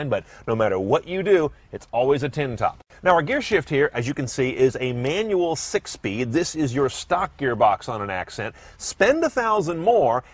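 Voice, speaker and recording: A man presenting a product review in a brisk, wry and opinionated way, with faint music behind him. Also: mid-range voice, dry recording. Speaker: car reviewer. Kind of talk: scripted product review narration.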